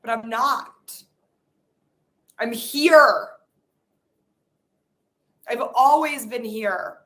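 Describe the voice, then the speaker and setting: A woman's voice: on the high side, extremely slow, pauses often, sharp tone. A woman hosting a podcast, leading a guided emotional release exercise and voicing her hurt and frustration aloud in a raw, unfiltered way. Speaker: podcast host.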